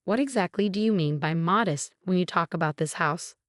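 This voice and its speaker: A woman voicing an exasperated young husband with a sharp, incredulous tone, low and dry. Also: fairly quick, no echo, natural voice.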